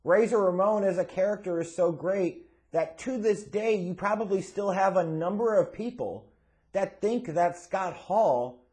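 Emphatic man with a lively, higher voice. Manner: emphatic and blunt, with casual swearing. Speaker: wrestling commentary host. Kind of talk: opinionated commentary monologue.

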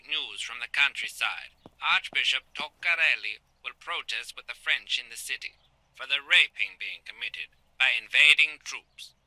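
An actor playing a radio news announcer reading a formal bulletin in a video game. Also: male voice, medium pitch, normal speed, bright, forceful tone, no room sound, rough recording.

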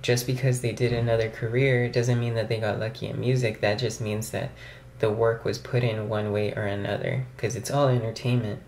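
His medium-pitched voice is flat and somewhat dark, moving at normal speed as this young vlogger rambles to his camera at home, full of fillers. The roomy camera-mic audio carries a little hiss or hum.

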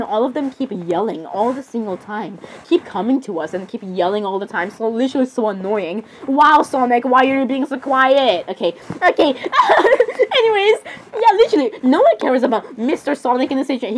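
High-pitched woman doing a whole cast of characters by herself, giggly, bouncy voice. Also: slight background noise. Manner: giggly, switching quickly between character voices. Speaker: solo role-play creator. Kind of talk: solo role-play voicing many characters.

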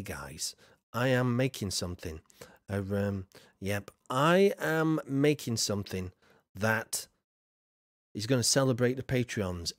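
A man's voice: medium pitch, no echo, studio quality. A man streaming a game, casually reading viewers' comments aloud and chatting with frequent fillers. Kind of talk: casual live-stream chat.

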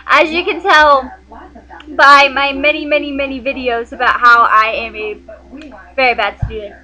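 A woman's voice: high voice, fairly even intonation, normal speed, sharp tone. A young woman rambling playfully in a casual vlog, giggling and putting on a funny voice. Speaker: vlogger.

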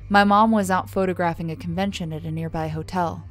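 A woman narrating a first-person horror story in a measured, scripted delivery, letting her voice fall softly on the tags. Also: lowish voice, steady tone. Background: soft music.

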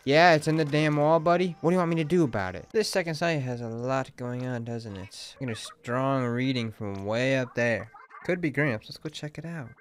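A young man streaming a video game, reacting loudly with swearing and sudden shouts of surprise, sometimes reading game lines aloud flatly. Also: mid-range voice, moderate pace, soft background music. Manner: reads game dialogue aloud in a flat voice.

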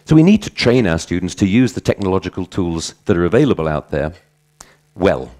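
Low-voiced man giving a conference talk. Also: very animated, fairly quick, warm tone. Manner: conversational, tells anecdotes with self-corrections. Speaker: conference speaker on language teaching.

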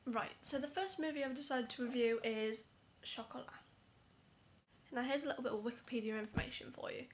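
Young woman, casual movie review vlog, slightly high voice, chatty, apologetic. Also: fairly even intonation, brisk, slight background noise. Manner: chatty and apologetic, often dropping to a whisper for asides. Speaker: vlogger.

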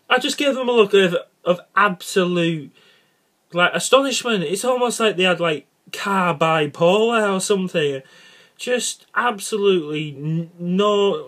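A young man, rambling casually about cycling and bad drivers, exasperated and jokey with many restarts. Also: fairly high pitch. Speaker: cycling vlogger.

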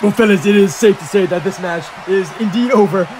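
A man doing excitable, shouting play-by-play as a toy wrestling commentator. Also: sits high, a little fast, noisy background.

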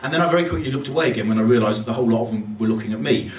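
A man's voice: lowish voice, very fast. A man performing a stand-up comedy set in a club, telling rambling self-deprecating stories. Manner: rambling anecdotal delivery with self-deprecating asides. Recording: echoey club from far off with loud crowd. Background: audience laughter.

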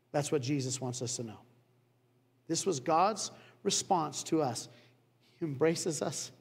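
A male pastor preaching a sermon, telling a story in a conversational way with dramatic pauses. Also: on the high side, creaky, a little mellow, slightly rough. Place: church sanctuary. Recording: long church hall reverb.

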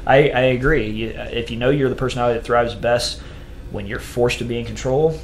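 A physician guest on a podcast, recounting stories in an animated way. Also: medium pitch, a little fast, slight background noise, rough recording. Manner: animated anecdotes. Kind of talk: casual chat.

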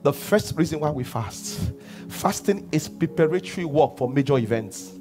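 A Nigerian pastor with a high, bright voice preaches a sermon to his church. He poses questions and answers them, dropping to hushed asides and then rising to shouts, while faint music plays underneath. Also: expressive, moderate pace.

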